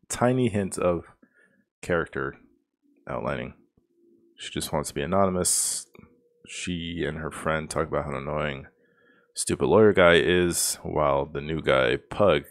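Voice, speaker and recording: A man with an extremely deep, low voice talks through a show episode in a loose, rambling way. He sounds exasperated and breaks into laughs as he goes. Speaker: show reviewer. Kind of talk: casual spoken review.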